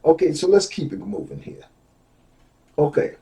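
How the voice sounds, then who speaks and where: A middle-aged man giving a lecture from a book, repeating key phrases slowly and swinging from low asides to loud exclamations. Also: huge pitch swings.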